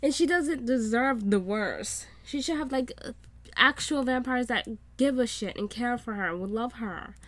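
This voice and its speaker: Excitable, foul-mouthed woman reacting. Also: a little high, measured pace, slight background noise. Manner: excitable, swears freely. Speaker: reaction YouTuber. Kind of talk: casual reaction commentary.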